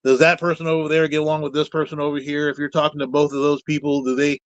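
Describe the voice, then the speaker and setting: A man's voice: fairly high pitch, level tone, fast talker, no room sound, lo-fi sound. Rambling, candid man in casual conversation. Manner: rambling, candid, peppered with mild cussing. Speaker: guest, puppet builder. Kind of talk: casual chat.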